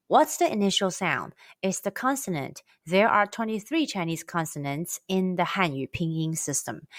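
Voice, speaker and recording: A woman giving a scripted language lesson, demonstrating each sound slowly and clearly. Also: on the low side, no echo, studio quality. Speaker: Chinese language teacher.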